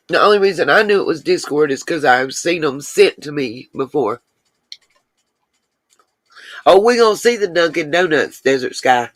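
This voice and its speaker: A woman's voice: sits low, dry recording. A woman hosting a casual livestream, chatting with her viewers and answering their comments as they come in. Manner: chatty, talks straight to viewers, drawn-out asides. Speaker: livestream host.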